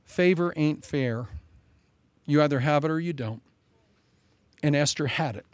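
Animated storytelling pastor, dry sound. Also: male voice, fairly high pitch, measured pace, no echo. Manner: animated storytelling with humorous asides. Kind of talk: sermon.

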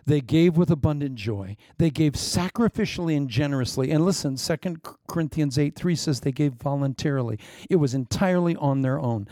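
A man preaching a sermon with wry, self-mocking humor, swinging from loud emphasis down to hushed asides. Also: fairly high pitch, brisk, hardly any pauses, no room sound, clean studio sound. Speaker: pastor.

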